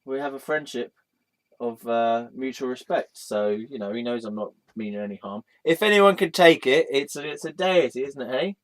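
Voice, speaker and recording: A man talking to camera in a loose, meandering monologue. He jokes around and addresses a wall hanging as though it could answer. His voice sits at an ordinary middle pitch for a man. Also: normal speed. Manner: playful, joking, talks aloud to an image of a deity. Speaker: vlog host. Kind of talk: casual rambling monologue.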